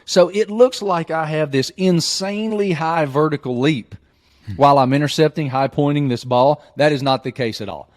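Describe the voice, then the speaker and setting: A man's voice: fairly high pitch, moderate pace. Joking man telling a hometown story. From southwest Virginia. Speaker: podcast host. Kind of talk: casual chat.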